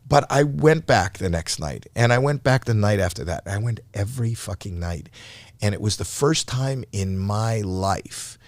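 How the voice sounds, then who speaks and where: A man's voice: on the low side, brisk, no room sound, clean studio sound. A man in his sixties, a comedian guest, telling candid, profane stories with restarts, acting out his panicked younger self. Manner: animated, acts out his old stage panic in a raised voice; profane, repeats and restarts mid-sentence. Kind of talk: candid storytelling in a podcast interview.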